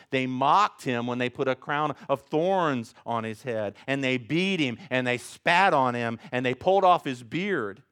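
A male pastor delivers a sermon in a clean, medium-pitched voice, swinging widely between loud and soft and slipping in jokes as he goes.

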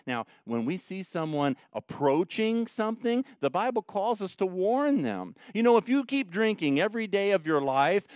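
A man preaching a sermon, emphatic, swinging between quiet, low passages and loud, rising ones. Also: no room sound. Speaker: pastor.

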